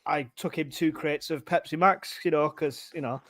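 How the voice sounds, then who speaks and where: A man's voice: fairly high pitch, fairly even intonation, normal speed, fairly bright tone, dry recording. A man hosting a casual live stream, reading out viewer questions, teasing his guests and laughing often.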